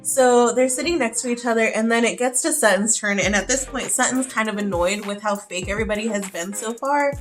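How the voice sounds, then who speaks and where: A woman's voice: on the high side, brisk, hardly any pauses, faint music behind. A woman beauty vlogger chatting casually through a get-ready-with-me video, talking in a loose, chatty way full of "like" fillers. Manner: chatty, heavy use of "like" fillers.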